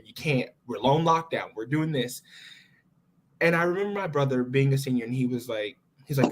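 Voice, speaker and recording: A man's voice: mid-range voice, moderate pace, background noise. A young man in his twenties, a podcast guest, telling his story casually and with feeling, quoting his own thoughts. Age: 20s. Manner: animated, expressive retelling with quoted inner thoughts.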